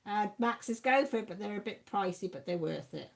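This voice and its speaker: A middle-aged woman with a homely Radnorshire Welsh twang, chatting away on her livestream. She rambles cheerfully from one thing to the next, pokes fun at herself and lets the odd swear word slip. Her voice sits at an ordinary pitch for a woman. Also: animated, normal speed, creaky. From Wales, Radnorshire. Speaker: livestream host. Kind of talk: casual chat reading out live comments.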